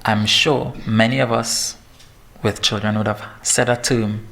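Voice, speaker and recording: A man in his thirties, a fitness trainer giving a lively, joking talk to parents. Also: lowish voice, measured pace, vocal fry, a little hiss or hum. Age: 30s. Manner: lively and joking, laughs at himself. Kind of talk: presentation to parents.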